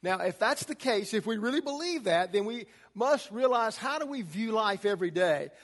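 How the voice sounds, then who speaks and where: A man's voice: high voice, lively intonation, moderate pace, big-room sound. A man preaching a sermon to a congregation, emphatic, his delivery rising and falling. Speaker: pastor.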